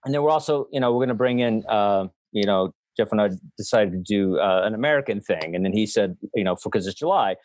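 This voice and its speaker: A man's voice: fairly low pitch, animated, quick pace, hardly any pauses, darkish tone, dry recording. A man hosting a casual comedy podcast over a video call, rambling and self-deprecating, with lots of fillers. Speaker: podcast host. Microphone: unplugged mic, sound via built-in mic.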